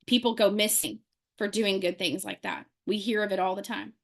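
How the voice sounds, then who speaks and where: A woman telling an animated story to a group, acting out the people she quotes. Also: medium pitch, normal speed, gravelly. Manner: lively, acts out quoted people in her story. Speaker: speaker sharing a testimonial.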